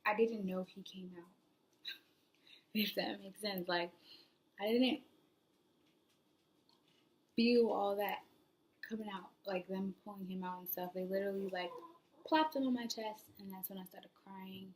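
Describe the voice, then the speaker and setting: A woman's voice: mid-range voice, steady tone, measured pace, pauses often. Young woman telling a rambling personal story. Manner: rambling, frequent "like" fillers, drops to soft near-whispers. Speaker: new mother vlogger. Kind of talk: casual storytelling vlog.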